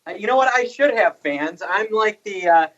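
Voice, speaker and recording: A man with a Southern US accent, co-hosting a podcast in relaxed casual chat. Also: sits high, moderate pace, no room sound, highs cut off. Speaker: podcast co-host.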